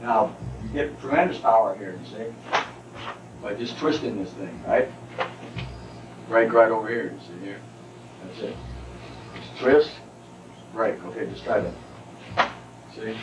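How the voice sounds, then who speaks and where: At a seminar in a training hall, a male karate instructor demonstrates techniques and keeps checking that his students follow his explanations. His low-ish voice is unhurried, with long pauses, captured in a distant, roomy, noisy 1989 recording.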